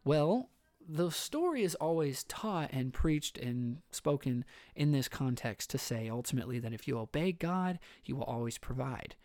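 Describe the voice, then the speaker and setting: A man's voice: mid-range voice, animated, normal speed, darkish tone, dry recording. Casual male podcast host, conversational storyteller with frequent laughs, dry close-mic sound. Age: adult father. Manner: chatty, laughs often, restarts sentences. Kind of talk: casual Bible story retelling. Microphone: studio microphone.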